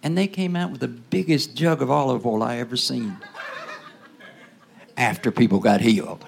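A man preaching a sermon in a loose, conversational style, tossing asides to the congregation and swinging between loud bursts and near-whispers. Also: medium pitch, normal speed, vocal fry. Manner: call-and-response asides, rising to loud bursts then dropping to whispers.

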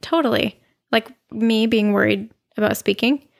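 A woman's voice: on the high side, normal speed, vocal fry. A woman co-hosting a podcast, chatting casually and candidly, with blunt jokes and stories from home. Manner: candid, jokey, blunt about personal stories. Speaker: podcast co-host. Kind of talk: casual self-help chat.

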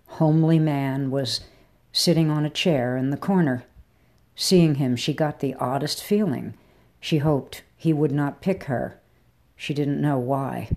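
A woman narrates a short story in a low, dark voice. Her reading is slow, measured and somber, and she never hurries a line. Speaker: reader. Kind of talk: audiobook narration.

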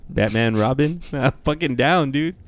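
A man's voice: medium pitch, normal speed. A man co-hosting a casual podcast, crude and joking, laughing often. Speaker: podcast co-host. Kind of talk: casual profane chat.

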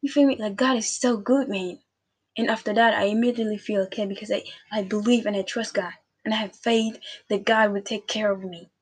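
A woman's voice: medium pitch, steady tone, fairly quick, husky. A woman giving a casual devotional talk as a faith vlogger, earnest and repetitive, speaking straight to her listeners.

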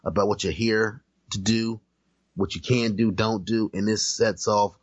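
A man's voice: lowish voice, fairly even intonation, measured pace, dull audio. A man co-hosting a podcast, chatting loosely about movies with plenty of profanity and fillers. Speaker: podcast co-host. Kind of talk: casual chat about movies.

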